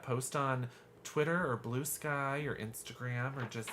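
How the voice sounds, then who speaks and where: A man's voice: mid-range voice, steady tone, unhurried, background noise. A man streaming a horror game live, chatting in a gushing, campy way as he plays. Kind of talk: live gameplay commentary. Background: game music.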